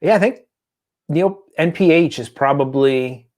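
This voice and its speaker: A man's voice: a little high, unhurried, a little mellow. A man co-hosting a podcast, talking in a rambling, tangent-prone way. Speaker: podcast co-host. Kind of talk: casual chat.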